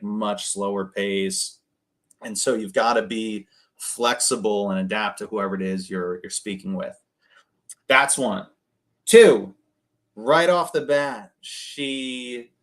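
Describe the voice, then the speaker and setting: A man with a fairly low voice talks through sales calls in an easy coaching tone. He is energetic and chatty, restarts his sentences often, and slips into other voices to act out phone calls. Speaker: real estate investor coaching cold callers. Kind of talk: casual coaching talk on a video call.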